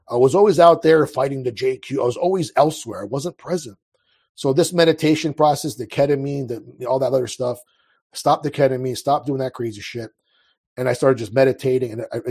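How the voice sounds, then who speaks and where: A man's voice: mid-range voice, a little mellow, breathy edge. A man in his thirties telling his life story as an interview guest, in a casual, rambling way full of restarts. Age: 30s. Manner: rambling, restarts, frequent fillers.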